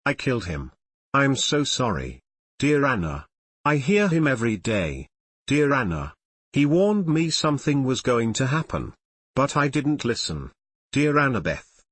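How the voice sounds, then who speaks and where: A man's voice: medium pitch, a bit bright, no echo. A man reading aloud, voicing a lovesick, awkward teenage boy hero who confesses in tender notes. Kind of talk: audiobook reading of fan fiction.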